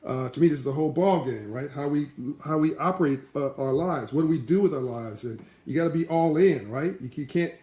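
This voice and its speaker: A man giving a live-streamed motivational talk in passionate, animated storytelling. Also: a little high, brisk, hardly any pauses, echoey room. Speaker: motivational speaker.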